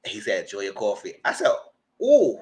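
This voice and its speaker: Man hosting a TV recap, lively swooping pitch, bright sharp tone, dramatic and loud with cussing asides. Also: moderate pace. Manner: dramatic retelling, jumps into squealing high voices for quoted people; loud and expressive with swearing and "girl", "y'all" asides. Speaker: channel host reviewing TV. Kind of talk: animated casual recap.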